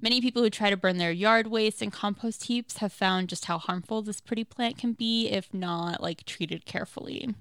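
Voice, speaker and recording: Animated woman reading facts on a podcast. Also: medium pitch, no room sound. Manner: animated, quick exclamations. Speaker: podcast co-host.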